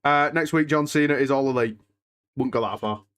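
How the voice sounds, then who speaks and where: A man's voice: mid-range voice, a little fast, a bit bright, clear, resonant tone. A young man talks casually to his stream viewers in an ordinary mid-range voice. He is restless and emotional, sighing and muttering oaths between his thoughts. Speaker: streamer hosting a live watch-along. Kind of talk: casual live-stream chat, reading and answering chat.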